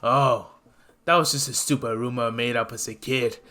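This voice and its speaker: A man's voice: mid-range voice, steady tone, normal speed, sharp tone, natural voice. A man voicing a brash, careless teenage boy, offhand and dismissive.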